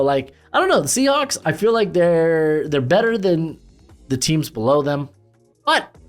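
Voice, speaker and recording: A man giving casual football commentary as host, loose and rambling with lots of fillers and restarts. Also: on the high side.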